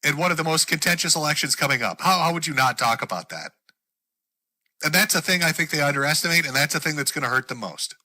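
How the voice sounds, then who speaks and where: A man's voice: on the high side, lively intonation, quick pace, sharp tone. A man hosting his own show, delivering a profane, heated political rant with a mocking edge. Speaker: show host.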